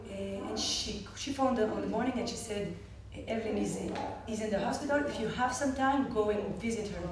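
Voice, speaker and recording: A woman medical clown with an Israeli accent telling a personal story to a panel audience, animated, with frequent laughter and halting restarts. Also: medium pitch. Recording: echoey hall, distant mic, audience noise.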